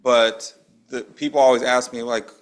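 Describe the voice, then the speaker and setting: A man's voice: medium pitch, level tone, moderate pace. A man, a basketball coach on a panel, answering in a casual, reflective way. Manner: reflective, casual, uses "right?" as a tag.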